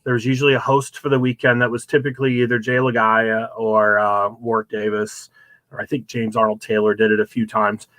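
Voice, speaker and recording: A man as a guest on a show, telling rambling, animated stories full of ums and uhs. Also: lowish voice, brisk, no room sound. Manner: rambling, many fillers, animated storytelling. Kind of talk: casual chat, anecdotes.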